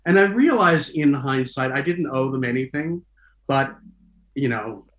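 A man's voice: medium pitch, measured pace. Chatty man in an echoey room. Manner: animated, acts out quoted dialogue in different voices. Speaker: guest recalling his career. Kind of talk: casual storytelling.

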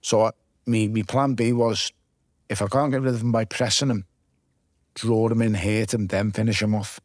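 Guest: low-voiced man with a Liverpool accent, vivid swearing storyteller, dry close sound. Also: fairly even intonation, normal speed, no room sound. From Liverpool, England. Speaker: guest, former boxer. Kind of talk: casual podcast interview.

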